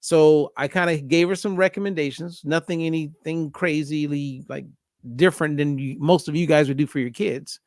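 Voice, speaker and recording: A man with a fairly high speaking voice tells a story in a casual podcast chat. He talks as a diet coach and acts out both sides of a phone call with animated energy. The recording is dry and close, with no room sound. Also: moderate pace, no echo.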